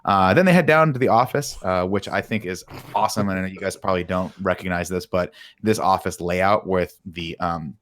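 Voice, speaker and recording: A man co-hosting a podcast, casually retelling film scenes with lively acted-out quotes and plenty of swearing. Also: deep voice, a little fast, hardly any pauses. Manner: animated retelling, acts out quotes, swears freely. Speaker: podcast co-host.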